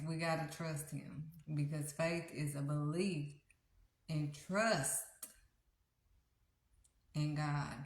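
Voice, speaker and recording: A woman hosting a faith livestream, preaching in an earnest, conversational, repetitive way. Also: low voice. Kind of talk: casual devotional preaching. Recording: roomy echo.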